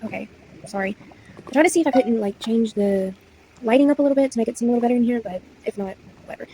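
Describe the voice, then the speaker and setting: A woman's voice: fairly high pitch, racing, dark tone, slight background noise, poor audio. A young woman telling a casual storytime at home, rambling, apologizing and losing her place. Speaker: vlogger. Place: indoors at home.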